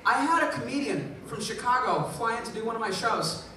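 A man's voice: extremely high pitch, lively intonation, fairly quick, a little hiss or hum. A man from the Bay Area performing a live stand-up set, telling punchy, self-deprecating stories. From San Francisco Bay Area. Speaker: stand-up comedian. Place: comedy club stage. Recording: echoey club, far mic, loud crowd.

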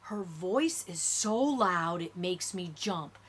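A woman reading a first-person audiobook in steady, lower-key narration. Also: slow pace, breathy edge.

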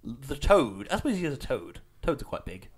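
A man's voice: medium pitch, sing-song, a little fast, crowd noise. A man co-hosting a podcast in casual chat, laughing often and acting out scenes he retells. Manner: laughs often, acts out scenes in silly voices. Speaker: podcast co-host.

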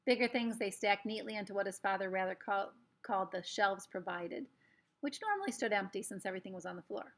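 A woman's voice: medium pitch, lively intonation, brisk. A woman reading a children's novel aloud, breaking off for chatty asides to young listeners. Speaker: storyteller.

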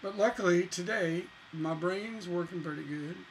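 A man's voice: high-pitched, normal speed, slight background noise, rough recording. A man teaching songwriting in a casual lesson, musing aloud as he works through chords on guitar. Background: acoustic guitar playing.

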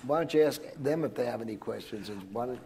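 An older man with a rough, gravelly edge to his voice tells stories to a live audience of students. He talks in a chatty, digressive way, restarting his sentences and chuckling along as he goes. His pitch sits in an ordinary middle range for a man. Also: fast talker, mellow, slight background noise. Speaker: guest speaker. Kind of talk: rambling anecdotal storytelling to students.

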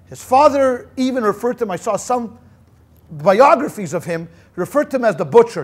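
A rabbi giving a history lecture as a lively storyteller, acting out quotes and dropping Yiddish words. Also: male voice, very high voice, moderate pace. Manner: animated storyteller acting out quotes, many restarts. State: sweating in a hot room.

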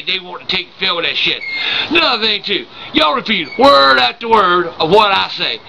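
A man's voice: sits high, gravelly, pushed and bright, a little hiss or hum, rough recording. An older man, ranting angrily and profanely to camera, stammering when worked up. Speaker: vlogger. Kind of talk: angry rant to camera.

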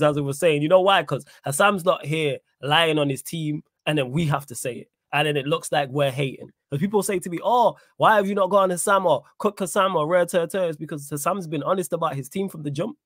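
A man's voice: a little high, fairly quick, few pauses, a bit bright, no echo, clean studio sound. Casual, slangy football pundit man. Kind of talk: fan panel talk.

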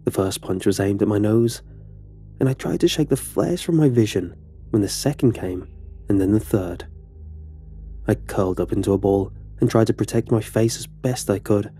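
A man narrating a scripted horror story in a measured, somber way. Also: lowish voice, warm tone, faint music behind.

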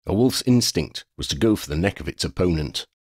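A man narrating an audiobook, reading steadily with expressive storytelling. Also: deep voice, a little fast, no echo, studio quality. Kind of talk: scripted narration.

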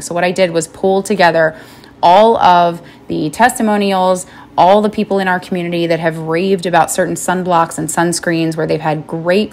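A woman hosting a podcast, talking to listeners in a chatty, earnest and encouraging way. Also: fairly low pitch. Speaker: podcast host. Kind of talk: podcast monologue.

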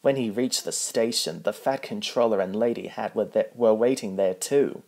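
A man's voice: lowish voice, moderate pace, darkish tone. A man reading a children's picture book aloud, plainly, with small slips. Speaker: storybook reader.

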